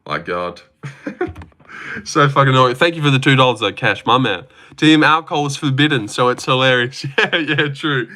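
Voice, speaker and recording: A man's voice: medium pitch, moderate pace, pushed and bright. A man hosting a casual livestream, rambling and swearing freely while reading out and answering chat messages. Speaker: livestream host reacting to fights.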